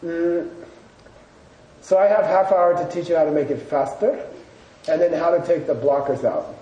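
Mellow-voiced man teaching in an echoey room. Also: fairly high pitch, moderate pace, muffled recording. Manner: storytelling, loose and chatty with fillers. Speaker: Buddhist teacher. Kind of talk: casual lecture to a live audience. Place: room with a live audience. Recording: echoey room, distant mic, faint noise.

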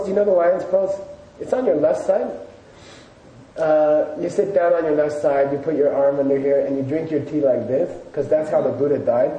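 Male Buddhist teacher, slightly higher voice, mellow, conversational storyteller, distant mic, faint hiss. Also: moderate pace. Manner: storytelling, loose and chatty with fillers. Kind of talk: casual lecture to a live audience. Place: room with a live audience. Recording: echoey room, distant mic, faint noise.

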